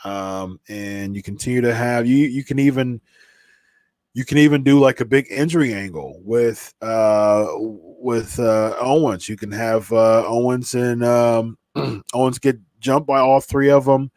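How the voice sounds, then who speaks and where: A male podcast host rambles through a live stream in a casual, mid-pitched voice, with many "uh"s and restarts. He sounds slightly stuffy, and the recording is dry and close with no room sound. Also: steady tone, measured pace, a little mellow, no room sound.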